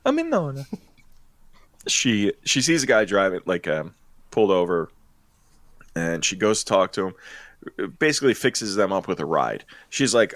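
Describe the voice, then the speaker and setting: Low-voiced man rambling through a plot recap. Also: very animated, normal speed, fairly bright tone, no room sound. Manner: laughs often, rambling with many fillers. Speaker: podcast co-host. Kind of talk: casual chat retelling a film plot.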